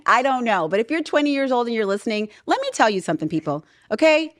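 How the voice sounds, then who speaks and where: Animated sassy woman podcast host. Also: on the high side, fast talker, no echo, studio quality. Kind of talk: casual chat. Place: studio.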